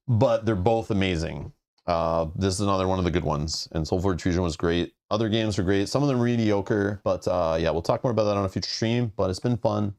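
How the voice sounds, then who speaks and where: A man's voice: deep voice, darkish tone. A man from Southern Ontario hosting a board game stream, chatting casually, joking around and reading viewer comments aloud. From Southern Ontario, Canada. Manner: joking, rambling, reads chat comments aloud. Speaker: board game channel host.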